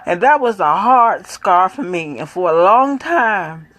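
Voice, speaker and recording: A middle-aged woman giving a personal faith testimony, speaking softly and haltingly with many pauses and fillers. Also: medium pitch, animated, no echo, poor audio. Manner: soft, quiet, emotional delivery. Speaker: grieving mother sharing her faith.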